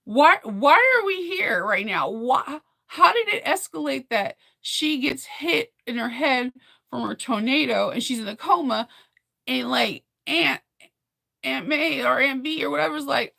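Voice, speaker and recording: A young woman in casual chat, rambling and animated as she recaps a film, full of fillers and laughs. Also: sits high, unhurried, creaky, dry recording, clean studio sound. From United States.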